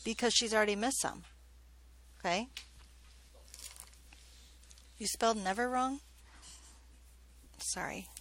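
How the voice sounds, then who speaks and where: A woman's voice: fairly high pitch, moderate pace, a bit bright, a little hiss or hum. A woman math teacher giving a classroom lesson, chatty and joking, often checking in with questions.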